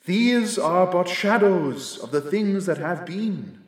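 Male reader doing gentle ghost, soft, measured, hushed. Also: high-pitched, expressive, echoey room, in a large hall, voice pushed up. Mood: solemn. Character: gentle, solemn spirit guiding an old man.

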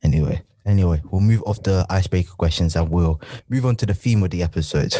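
A man's voice: low-pitched, quick pace, warm tone, no room sound, clean studio sound. A young man from Britain hosting a casual podcast chat, playful and boastful, repeating himself a lot. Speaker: podcast host.

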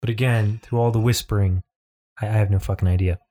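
A man's voice: on the low side, steady tone, quick pace, dark tone. A man co-hosting a casual podcast, rambling and swearing casually. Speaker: podcast co-host.

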